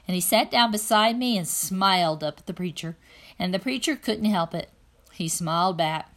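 A woman reading a children's novel aloud in an even, plain first-person narration. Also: mid-range voice. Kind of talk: read-aloud storytelling.

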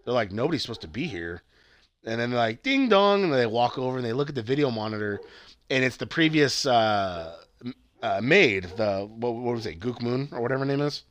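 A man's voice: medium pitch, a little fast. A young man casually retelling a movie plot, acting out the characters' lines and swearing freely. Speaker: podcast co-host. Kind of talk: casual movie review chat.

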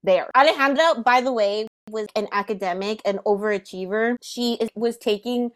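A woman's voice: on the high side, moderate pace. A young woman hosting a podcast, telling a personal story animatedly with frequent laughter. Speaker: podcast host. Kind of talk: casual storytelling.

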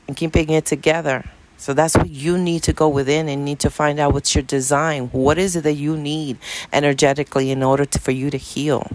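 Gravelly New man preaching self-healing. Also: on the high side. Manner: earnest, repetitive, preachy encouragement. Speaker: Reiki practitioner. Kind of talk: spiritual monologue.

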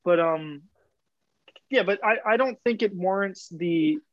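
Slightly high-voiced young podcast co-host. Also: male voice, fairly bright tone, no echo. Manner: ribbing, fast back-and-forth. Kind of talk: casual chat. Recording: dull dry podcast mic.

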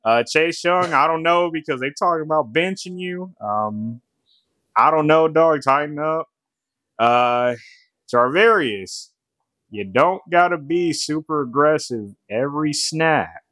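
Laughing slangy man with lively pitch. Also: unhurried, no room sound. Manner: laughing storyteller, loose slangy banter, playful. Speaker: podcast co-host. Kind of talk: casual sports podcast chat.

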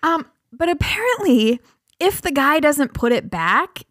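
A woman's voice: high voice, sing-song, a little slow, a bit bright, no room sound, clean studio sound. A woman from Minnesota co-hosting a podcast, telling a light news story in casual chat and laughing often. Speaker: podcast co-host.

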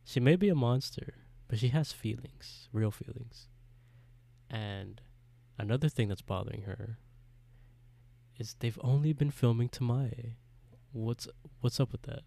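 A man's voice: mid-range voice, measured pace, creaky, mellow. A man co-hosting a podcast, retelling a horror story in casual chat and laughing often as he goes. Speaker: podcast co-host.

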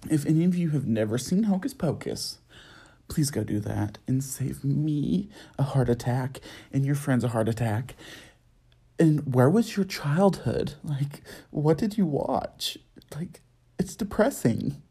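A man's voice: mid-range voice, unhurried, gravelly, slightly rough. Young guy podcasting solo, sassy and chatty, voice swoops all over. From United States. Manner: sassy, chatty, animated, lots of fillers. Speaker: podcast host. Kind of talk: casual solo podcast chat. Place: at home at night.

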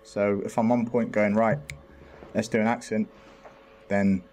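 A man's voice: lowish voice, level tone, moderate pace, a little mellow, slight background noise. A man chatting as a podcast guest, playful and laughing a lot. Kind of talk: casual chat among friends.

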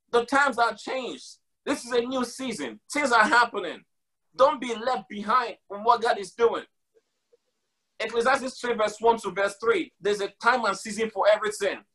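A man with a high voice and a sharp tone preaches emphatically, saying lines again to stress them. His sermon mixes scripture with everyday slang.

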